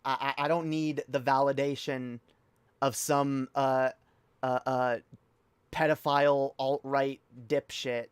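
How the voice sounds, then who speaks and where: A woman's voice: a bass voice, level tone, clean tone, dry recording. Fiery, foul-mouthed woman streamer. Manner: heated, profane, fast ranting with many restarts. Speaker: streamer reacting to videos. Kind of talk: livestream rant.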